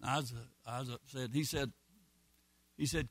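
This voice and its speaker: A man preaching a sermon as pastor, folksy and emphatic, with quick repeated phrases and asides. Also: mid-range voice, fairly even intonation, dry recording.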